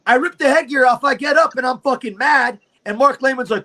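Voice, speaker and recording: A man's voice: very high-pitched, quick pace, few pauses, bright, forceful tone, rough recording. A man, telling a profane, swaggering fight story as a livestream guest.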